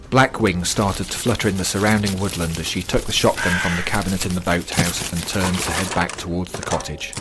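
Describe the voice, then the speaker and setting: A man reading a horror audiobook in a dramatic, measured way. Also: low-pitched. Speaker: narrator. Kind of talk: scripted horror story narration. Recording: narration with loud music bed.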